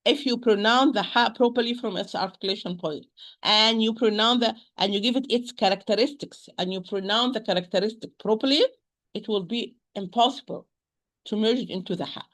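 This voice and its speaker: Woman, Quran recitation teacher, bright, fairly high voice, slow demonstrations of sounds. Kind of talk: spoken lesson with recited examples.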